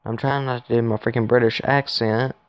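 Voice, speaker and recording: A man's voice: medium pitch, steady tone, brisk, smooth, no echo, muffled recording. A man giving rambling, casual commentary to his viewers while playing a phone game, recorded on his phone. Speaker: gaming YouTuber.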